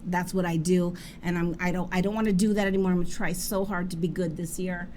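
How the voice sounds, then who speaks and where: A woman hosting a casual talk show, telling stories in a lively way with frequent laughter. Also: fairly low pitch, quick pace, a little hiss or hum. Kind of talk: casual chat.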